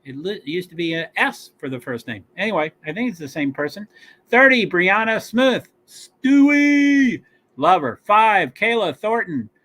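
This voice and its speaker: On a casual sports watch-along stream, the male host works through team rosters and stats with lots of fillers, pauses and conversational asides. His high voice is expressive and sharp in tone.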